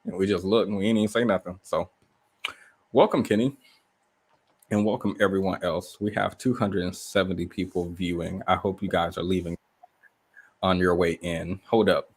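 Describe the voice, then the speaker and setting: A man hosting a casual livestream from a rented room indoors, telling stories in an animated way and firing off rhetorical questions. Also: low-pitched, moderate pace, slightly rough. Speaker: livestream host.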